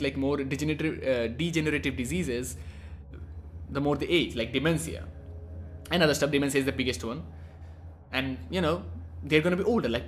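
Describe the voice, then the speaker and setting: A man's voice: a little high, a little hiss or hum. A young man from India rambling casually through a profane, cheeky monologue as a vlogger.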